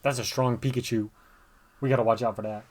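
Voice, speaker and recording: A man's voice: medium pitch, steady tone, brisk, darkish tone. A man giving chatty gameplay commentary, thinking aloud as he plays. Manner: chatty, thinks aloud, reads game dialogue. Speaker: gamer.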